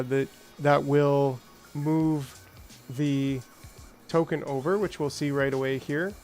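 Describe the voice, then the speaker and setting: Chatty man narrating his gameplay. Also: fairly high pitch. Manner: chatty, reads out and answers chat, rambling asides; playful silly greeting voices. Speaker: gaming streamer. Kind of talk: casual gameplay commentary.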